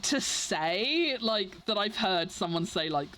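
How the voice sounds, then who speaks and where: A woman's voice: mid-range voice, lively intonation, takes it slowly, pushed and bright. Rambling English young woman streamer. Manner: rambling, filler-heavy, self-interrupting. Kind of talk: casual chat with viewers.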